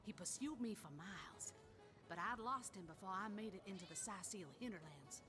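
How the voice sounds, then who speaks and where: A woman's voice: mid-range voice, animated, brisk, close to an everyday voice. A woman voicing a boisterous retired woman warrior with a Southern American accent, folksy and rousing in a video game. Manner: folksy, rousing, full of old sayings. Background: game music.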